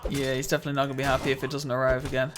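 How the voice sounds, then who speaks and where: A man's voice: medium pitch, completely flat delivery, rapid-fire, music in the background. A man streaming a video game live, chatting casually with his viewers in a laid-back, slightly mumbly way and chuckling often.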